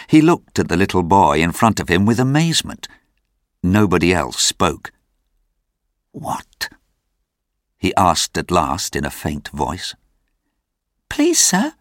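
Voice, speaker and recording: A man narrating a classic story aloud for language learners, with expressive storytelling. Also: deep voice, no room sound, clean studio sound. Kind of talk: reading a graded story aloud.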